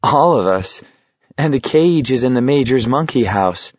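A man reads a weary young walker, his lines slow and heavy, then tightening into strained outbursts. The recording is dull and slightly muffled, with a dry, close sound. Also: medium pitch, animated, slightly rough, no echo, voice pushed up. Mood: wry. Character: young male long-distance walker, brooding, worn down.

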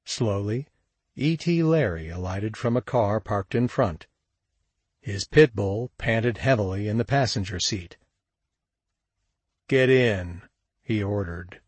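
A man narrating a crime story in a steady, measured audiobook read. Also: on the low side, breathy edge, no echo. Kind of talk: scripted narration.

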